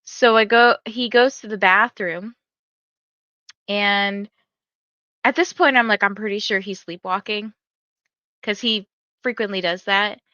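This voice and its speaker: Young woman stream host, bright forceful voice, chatty, filler-heavy, dry slightly dull mic. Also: medium pitch, fairly even intonation, a little slow, pauses often, no echo. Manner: chatty storytelling, many "like" fillers, laughs often. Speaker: livestream host of reading sprints. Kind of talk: casual chat to livestream viewers.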